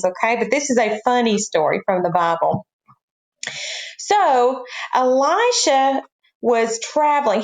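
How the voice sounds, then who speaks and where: A high-pitched woman tells a Bible story to a children's class, animated and full of questions for her young listeners. Her voice rings in an echoey room. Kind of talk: storytelling Bible lesson for kids.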